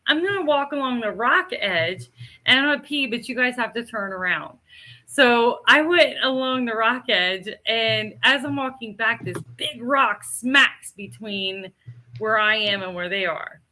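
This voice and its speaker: Bright-voiced animated woman storyteller. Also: fairly high pitch, a little slow. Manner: animated, laughs often, acts out quotes. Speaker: co-host telling a story. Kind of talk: casual storytelling.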